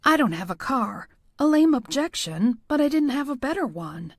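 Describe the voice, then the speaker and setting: Woman, audiobook narration, first person, wry and expressive, fairly high voice. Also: moderate pace, hardly any pauses, dry recording.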